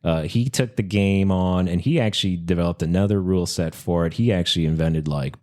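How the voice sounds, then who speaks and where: A man's voice: sits low, brisk, a little mellow. A man co-hosting a podcast, telling a history story in casual chat with many fillers and restarts. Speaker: podcast co-host.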